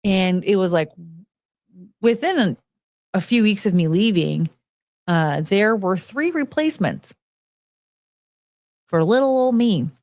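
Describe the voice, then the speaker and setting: A woman talks through her own stories in a loose, rambling podcast monologue, full of fillers and restarts. Her voice sits at an ordinary middle pitch. The recording is dry, with no room around it. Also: lively intonation, measured pace, long pauses, darkish tone, no echo. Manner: rambling storytelling with fillers and restarts, frank and blunt. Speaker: podcast host. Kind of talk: casual monologue about past jobs.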